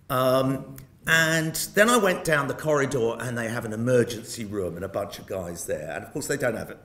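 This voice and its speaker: Older British male guest lecturer, anecdotal and self-mocking, lively delivery. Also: lowish voice. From Britain. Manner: wry storyteller with self-mocking jokes. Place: lecture hall. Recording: roomy hall sound.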